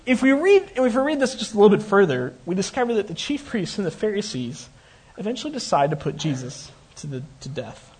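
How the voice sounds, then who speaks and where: A man's voice: high-pitched, sing-song, a little fast, slightly rough. A man preaching a conversational sermon, retelling a scripture story with joking asides.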